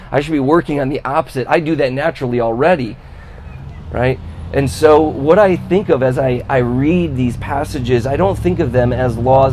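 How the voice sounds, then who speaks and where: A man's voice: mid-range voice, a little mellow, slight background noise. A man preaching a sermon as pastor, talking conversationally, asking rhetorical questions and calling out to the congregation. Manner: calls out to the congregation for response.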